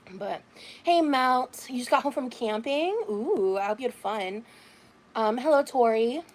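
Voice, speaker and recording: Higher-voiced woman livestreamer, slightly distant. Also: expressive, slow pace. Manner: greets chatters by name, swears when annoyed. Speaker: livestreamer greeting viewers. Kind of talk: late-night livestream chat.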